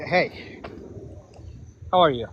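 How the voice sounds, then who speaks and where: A man calling into an online Q&A to ask a question, speaking haltingly and stumbling over words on a video call. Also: on the high side, animated, muffled recording, a little hiss or hum. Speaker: caller.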